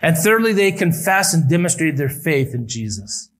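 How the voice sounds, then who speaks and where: A male pastor preaching a sermon at a church service, building emphatic appeals that rise and then drop quietly. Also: a little high, very animated, moderate pace, poor audio.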